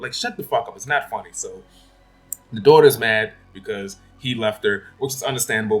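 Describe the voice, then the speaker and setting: A man giving a casual spoken film review, rambling and blunt, swearing freely. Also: mid-range voice. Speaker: movie reviewer.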